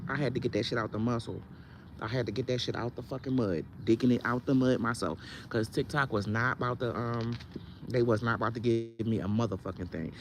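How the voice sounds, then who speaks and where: A woman's voice: very deep voice, slight background noise. A woman who sells herbal products, ranting on her vlog in a heated, blunt, profane way. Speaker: herbal products seller and content creator.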